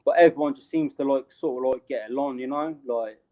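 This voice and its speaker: A man's voice: medium pitch, brisk, warm tone. Slangy British man telling a story. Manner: slangy, streetwise, laughs while telling. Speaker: interview guest. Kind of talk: casual storytelling.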